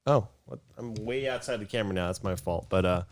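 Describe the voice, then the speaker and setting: A man's voice: lowish voice, fast, no echo, clean studio sound. A man co-hosting a casual podcast, talking in a laid-back way as he wraps up the show. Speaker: podcast co-host. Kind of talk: casual chat. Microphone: studio microphone on camera.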